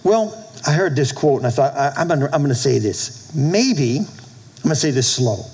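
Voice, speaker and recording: Animated man preaching a sermon. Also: fairly high pitch, normal speed, breathy edge, poor audio. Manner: animated preaching with call-and-response asides. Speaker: pastor. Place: church with a congregation.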